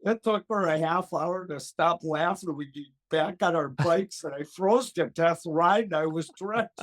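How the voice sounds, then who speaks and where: A man's voice: on the high side, measured pace. An older man, a gardening expert, telling a funny story as an interview guest, acting out the voices and laughing often.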